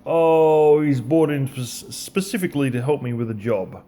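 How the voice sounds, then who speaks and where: A man's voice: mid-range voice, moderate pace, warm tone. A man with an Australian accent giving a blunt, profane motivational rant in a casual, conversational way. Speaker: vlogger.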